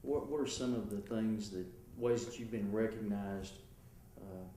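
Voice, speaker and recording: A man's voice: fairly low pitch, a little slow, mellow. A man interviewing an older lawyer, asking questions hesitantly and stumbling over words. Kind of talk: oral history interview. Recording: echoey room, faint background noise.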